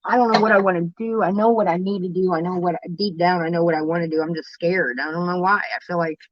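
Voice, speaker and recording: A woman's voice: lowish voice, steady tone, dry recording. A woman on her own livestream, talking candidly and emotionally to viewers, swearing often and stopping to restart her sentences. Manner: raw, emotional, swears constantly, halting restarts. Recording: dull, dry home stream audio.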